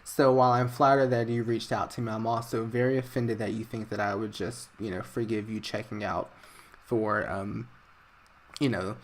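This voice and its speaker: A man's voice: on the low side, fairly even intonation, normal speed, natural voice. A man voicing a bitter, sarcastic young man in a narrated game story, mocking and snappy. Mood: cold, dismissive.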